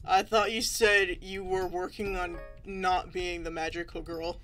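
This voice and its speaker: A young woman chatting casually with a friend on a gaming stream, answering with dry, quick quips. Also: lowish voice, level tone, fairly bright tone, soft background music. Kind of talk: casual chat while gaming.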